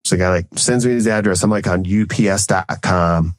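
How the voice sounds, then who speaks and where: Rambling man telling a fast story. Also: deep voice, no echo. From United States. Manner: fast, rambling, heavy use of "like", acts out quoted exchanges. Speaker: guest, Marine officer and entrepreneur. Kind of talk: casual storytelling.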